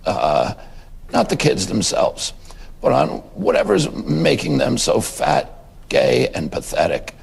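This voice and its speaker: A synthetic man's voice playing a brash male public health official in a fake press statement, blunt and declaring, raspy and gravelly. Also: lowish voice, huge pitch swings, slow, full character voice.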